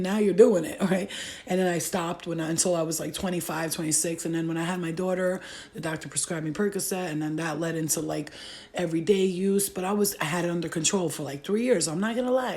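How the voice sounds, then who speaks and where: Woman, thirties, gravelly voice, blunt and profane, casual vlog storytelling. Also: on the low side, a little mellow. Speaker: vlogger.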